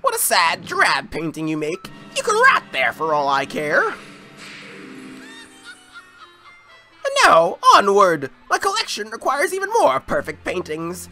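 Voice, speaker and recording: Theatrical game villain, a vain sorcerer who collects art , read out by the gamer. Bright and haughty. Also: medium pitch, wildly swooping pitch, moderate pace, few pauses, faint music behind, voice pushed up. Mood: smug. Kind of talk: reading game dialogue aloud.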